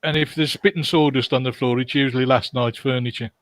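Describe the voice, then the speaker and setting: A man with a Black Country accent, a guest in a casual chat, with a dry, deadpan humour. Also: medium pitch, a little fast, no room sound. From Black Country, England. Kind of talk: casual video call chat.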